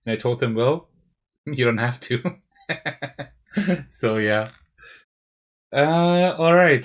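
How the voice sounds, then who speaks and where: With a husky, medium-pitched voice and a German accent, this streamer works through a live card game out loud, often asking himself "right?". He uses a desk mic and a face cam.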